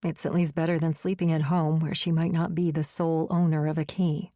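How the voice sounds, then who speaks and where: A woman narrating an audiobook in a measured, steady storytelling manner. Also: low-pitched, no echo, studio quality.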